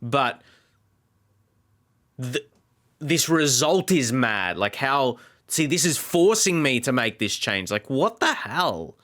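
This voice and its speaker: Male gamer, unhurried let's play commentary, exasperated, very lively pitch. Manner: exasperated, talks to the game. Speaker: gaming YouTuber.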